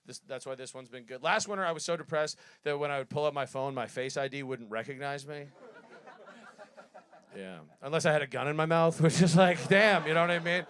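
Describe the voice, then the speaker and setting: A man's voice: fairly high pitch, a little fast, a bit bright. Self-mocking male stand-up in his thirties. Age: 30s. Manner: self-deprecating, rambling, laughs at own jokes. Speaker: stand-up comedian. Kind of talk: stand-up comedy set. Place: live comedy stage.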